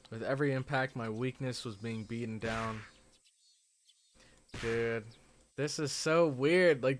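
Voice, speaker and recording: A man streaming a visual novel, reading its text aloud and chatting excitedly between passages with frequent "like" fillers. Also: medium pitch. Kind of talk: reading game text aloud with casual commentary.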